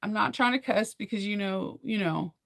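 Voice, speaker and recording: A young woman in casual chat, rambling and animated as she recaps a film, full of fillers and laughs. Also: medium pitch, normal speed, gravelly, no room sound, studio quality. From United States.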